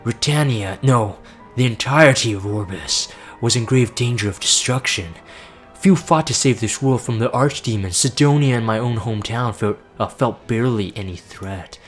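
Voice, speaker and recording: A man voicing a cold, weary young male traitor mage in a flat, solemn way. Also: medium pitch, normal speed, faint music behind, close to an everyday voice. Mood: grim.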